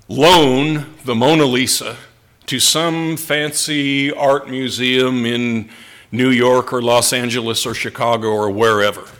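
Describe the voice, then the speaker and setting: Guy preaching a sermon, slow and deliberate, middle pitch voice. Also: fairly bright tone. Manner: slow, deliberate delivery with pauses for emphasis.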